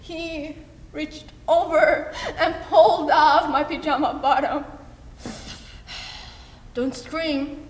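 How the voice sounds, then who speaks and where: Teen girl, high bright voice, slow, intense solo monologue, echoey hall. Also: fairly even intonation. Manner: intense, halting, emotional delivery. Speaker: student performer. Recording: echoey hall, faint ambience.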